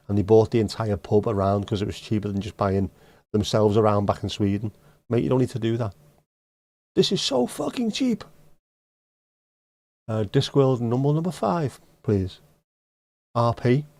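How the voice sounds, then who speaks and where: A middle-aged livestream host banters casually, joking and teasing viewers as he reads their comments aloud. His voice is lowish and mellow, and the recording is dry.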